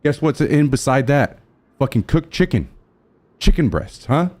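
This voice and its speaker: A man's voice: big pitch swings, unhurried. A man streaming live, trash-talking his chat in a brash, profane way. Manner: thanks subscribers in a lowered, softer voice.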